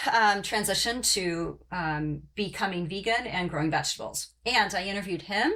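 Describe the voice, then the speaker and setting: A middle-aged woman from Oklahoma hosting her podcast in a casual, rambling chat, often pausing on "um" and "you know". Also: on the low side, creaky, a bit bright. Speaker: podcast host.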